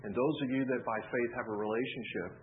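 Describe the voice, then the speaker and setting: A male pastor delivers a sermon, telling stories in a loose, rambling way with fillers and restarts. His mid-range voice is steady and brisk, and the narrow, phone-like recording has a faint hiss.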